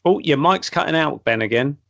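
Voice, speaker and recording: An English man hosts an online chat show over a dry video call. His voice is gravelly and a touch higher than usual, and he banters easily with his guests. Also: expressive, brisk, a bit bright, no room sound. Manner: friendly banter, laughs easily. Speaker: host. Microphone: home computer mic on a video call.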